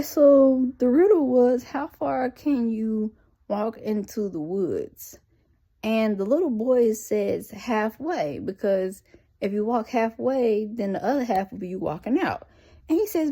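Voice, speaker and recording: Animated woman recapping a show sarcastically. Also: mid-range voice. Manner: sarcastic, incredulous asides to the viewer; slangy, conversational. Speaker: reviewer recapping an episode. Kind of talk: casual recap commentary.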